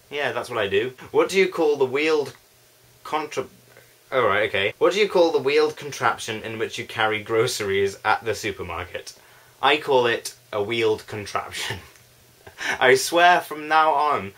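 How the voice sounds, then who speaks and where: A young man with a posh English accent and a bright, crisp tone. He talks at an easy middle pitch, chatty and a little giggly, often unsure of himself and poking fun at his own answers in a relaxed vlog. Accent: posh southern English. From northwest England. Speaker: vlogger. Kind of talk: casual vlog, reading a word list.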